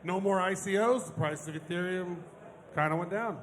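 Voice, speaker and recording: High-pitched guy cohosting a live panel, jokey and animated, big reverby hall with faint crowd hum. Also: normal speed. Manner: animated storytelling, jokey asides. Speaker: podcast co-host. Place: conference stage before an audience.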